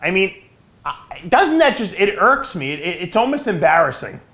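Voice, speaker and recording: A man hosting a casual podcast, asking questions and sharing opinions enthusiastically. His pitch moves around a lot and sits fairly high. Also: very animated, normal speed, sharp tone. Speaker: podcast host.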